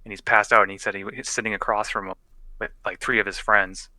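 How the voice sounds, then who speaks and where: A man's voice: lowish voice, little pitch movement, fast talker, sharp tone, dry recording, rough recording. A young man casually narrating as game master of a tabletop game, loose and profane, often laughing.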